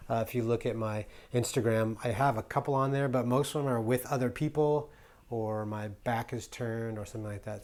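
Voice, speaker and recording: A man's voice: medium pitch, a little mellow. A man from the United States chatting casually to camera as a travel vlogger, rambling and playful with lots of ums and restarts. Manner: rambling and playful, with many fillers. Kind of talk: casual vlog chat.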